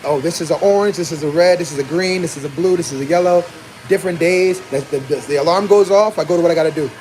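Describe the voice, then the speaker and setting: Fast-talking, high-voiced man on a podcast. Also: a little hiss or hum. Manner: animated storyteller, swears freely, acts out quoted dialogue. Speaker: podcast host. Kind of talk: casual podcast chat.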